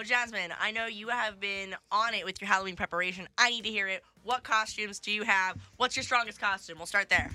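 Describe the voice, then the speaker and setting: A woman's voice: medium pitch, pushed and bright, no room sound. A young woman hosting a casual radio chat show, bubbly and laughing often. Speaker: host.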